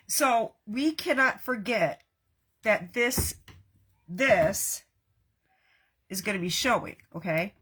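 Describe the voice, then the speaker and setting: A middle-aged woman, hosting a live craft tutorial and chatting warmly and folksily with her viewers. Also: medium pitch, lively intonation, takes it slowly, long pauses, slightly rough. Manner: warm, talks straight to viewers with folksy asides. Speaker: craft host.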